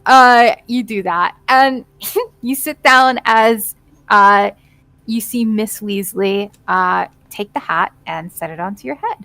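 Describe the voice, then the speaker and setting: A woman's voice: medium pitch, takes it slowly, bright, forceful tone, no room sound, low-quality recording. A woman running a tabletop role-playing game as game master, narrating casually with fillers and frequent laughs.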